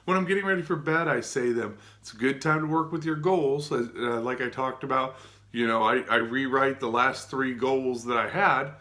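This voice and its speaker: A man's voice: medium pitch, normal speed, sharp tone. A man giving an earnest, casual motivational talk to his viewers, often restarting and asking them direct questions. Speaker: self-help vlogger.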